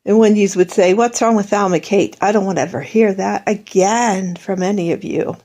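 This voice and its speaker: A woman's voice: mid-range voice, fairly even intonation, moderate pace, mellow. An older woman in a bitter, sarcastic personal monologue, airing grievances at her absent family. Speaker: vlogger.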